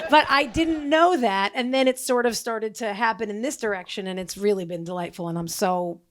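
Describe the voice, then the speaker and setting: A middle-aged woman, an actress taking part in a live on-stage Q&A. She talks casually and tells quick jokes, with lots of "like". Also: medium pitch. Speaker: actress and guest.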